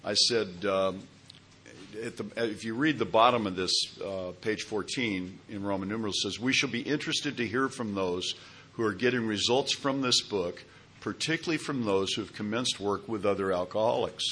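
A man's voice: fairly low pitch, moderate pace, a bit bright, breathy edge. A man speaking at a recovery meeting, telling a personal story in a conversational way and acting out the dialogue. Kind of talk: personal testimony talk.

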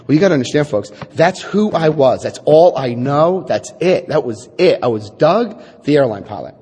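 A middle-aged man giving a personal testimony talk to an audience, an animated storyteller who acts out quotes and adds wry asides. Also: medium pitch, normal speed, husky. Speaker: speaker telling his recovery story. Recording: echoey hall.

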